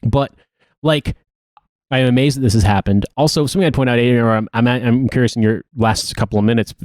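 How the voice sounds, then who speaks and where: A man co-hosting a podcast in casual chat, animated and profane, often breaking into laughter. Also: medium pitch, fast, dry recording, studio quality. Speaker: podcast co-host.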